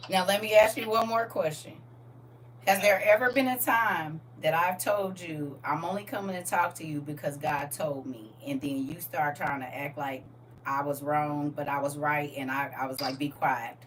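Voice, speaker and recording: A woman's voice: low-pitched, steady tone, normal speed. A middle-aged woman hosting a live stream, telling blunt stories in casual talk. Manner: blunt, storytelling, scolding. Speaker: TikTok live host. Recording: distant from mic with faint noise.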